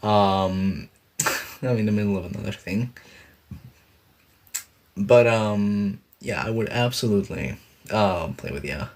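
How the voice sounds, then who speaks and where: A man's voice: on the low side, slow pace, long pauses, a little mellow. A young man streaming, chatting casually and rambling with lots of fillers as he laughs at himself. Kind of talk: casual live-stream chat. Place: sitting on a bed indoors.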